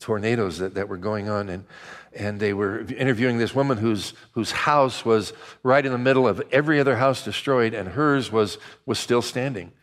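A man's voice: fairly low pitch, moderate pace. Conversational older male pastor preaching. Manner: conversational storytelling, many restarts, animated asides. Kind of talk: sermon.

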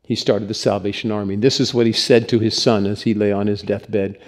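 A man's voice: lowish voice, level tone, brisk. A man preaching as a pastor, telling stories in an earnest, conversational sermon, likely in a church.

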